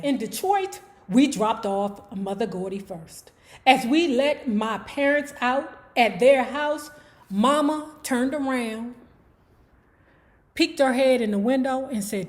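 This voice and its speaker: A woman's voice: high voice, lively intonation, takes it slowly. A woman hosting an online book club, reading a memoir aloud and breaking off for sassy, profane commentary to her viewers.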